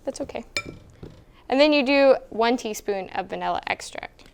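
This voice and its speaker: A woman's voice: a little high, lively intonation, moderate pace, gravelly, darkish tone, a little hiss or hum. Young woman teasing on a cooking show. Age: young adult. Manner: bossy, teasing, explains steps. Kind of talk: casual student cooking show.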